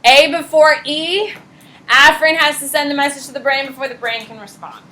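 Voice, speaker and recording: A woman teacher giving a casual, animated classroom lecture, blunt and chatty. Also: high-pitched, fairly quick. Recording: echoey classroom from far off.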